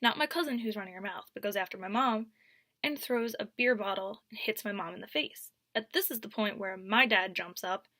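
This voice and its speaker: Young female vlogger, storytime, bright and crisp up close, dynamic with whispered asides. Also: medium pitch, brisk, dry recording. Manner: animated, swings from whispers to near-shouts. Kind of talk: storytime vlog.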